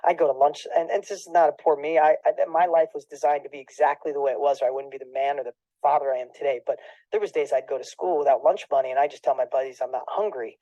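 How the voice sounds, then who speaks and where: A man's voice: on the high side, steady tone, fast, dark tone, no room sound, rough recording. A middle-aged man as an interview guest, telling a personal story earnestly, restarting and repeating phrases as he goes.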